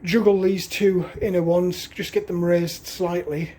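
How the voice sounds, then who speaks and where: A DIY vlogger talks slowly and breathlessly in a medium-pitched, dark, level voice. He narrates casually as he works outdoors at a woodland cabin, chatty but halting, often saying "uh" and laughing a little.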